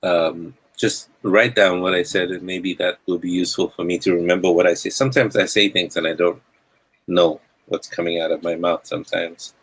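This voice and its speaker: A man's voice: sits low, little pitch movement, normal speed, husky, rough recording. A man hosting a live podcast in casual chat, blunt and rambling, often repeating words as he starts a thought. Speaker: podcast host.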